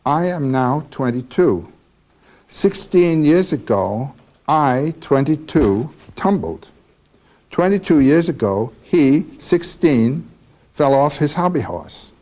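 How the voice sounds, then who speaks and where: A man's voice: big pitch swings, slow, darkish tone, exaggerated voice. A man reading as a brooding young poet. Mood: musing. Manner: read aloud with a slightly raised pitch.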